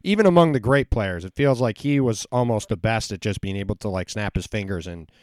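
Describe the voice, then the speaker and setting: A man hosting a podcast, chatting in a relaxed, offhand way. His voice is low and resonant, recorded close and completely dry. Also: fairly quick, no echo. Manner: relaxed, thinking aloud with "like" and "just". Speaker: podcast host. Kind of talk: casual chat.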